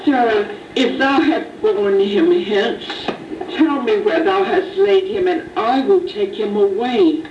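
A woman's voice: on the high side, animated, background noise, pitched above the performer's own voice. A woman reading as mournful Mary, distant and roomy. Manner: archaic scripture reading, measured. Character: weeping Mary, grieving woman. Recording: distant, roomy, dull recording.

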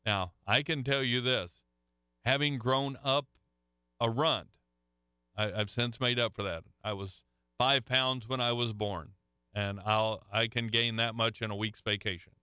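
A middle-aged man preaching a sermon with a bright, crisp voice. He tells folksy stories and keeps restarting his phrases. The sound is dry and close. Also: mid-range voice, steady tone, measured pace, no room sound. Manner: folksy storytelling with frequent restarts. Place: church hall with a live audience.

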